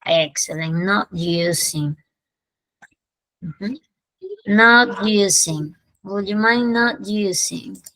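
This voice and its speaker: A woman with a Peruvian Spanish accent teaching an English lesson, mixing Spanish explanations with slowly drawn-out English example sentences. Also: medium pitch, a bit bright, no room sound, low-quality recording.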